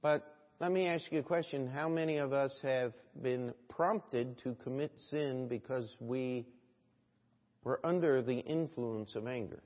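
A male American pastor preaching a sermon in a church, moving from quiet reflection to loud, emphatic exhortation and often calling out "Amen?" to the congregation. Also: mid-range voice, unhurried. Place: church sanctuary. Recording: dull recording with long church reverb.

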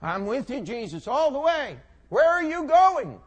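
A man's voice: animated, moderate pace, muffled recording. Peter, a preacher playing a rash fisherman. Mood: eager. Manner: loud, high-pitched, emphatic acted quotes. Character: impulsive fisherman disciple, adult man, eager and rash. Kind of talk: preacher acting out a scripture figure.

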